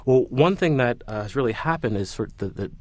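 A male professor speaking as a panel guest, giving measured, analytical commentary. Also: medium pitch, animated. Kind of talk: academic commentary.

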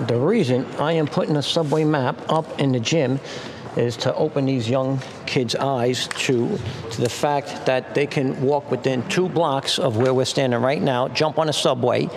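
A middle-aged surf instructor from Brooklyn, telling stories in a halting way and repeating words as he remembers. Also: mid-range voice, steady tone, background noise. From Brooklyn, New York. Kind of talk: interview storytelling and coaching.

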